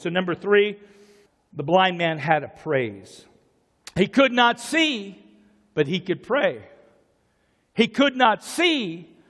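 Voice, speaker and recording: A male pastor preaching a passionate sermon to a church congregation, often raising his voice to a shout. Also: high-pitched. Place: church sanctuary. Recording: church sanctuary with long reverb.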